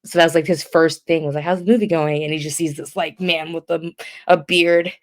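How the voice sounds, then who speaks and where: A woman with a slightly low voice chats loosely on a podcast. She rambles, reaches for words with plenty of fillers, and breaks into giggles between thoughts. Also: little pitch movement, fairly quick. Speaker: podcast co-host. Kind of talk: casual chat.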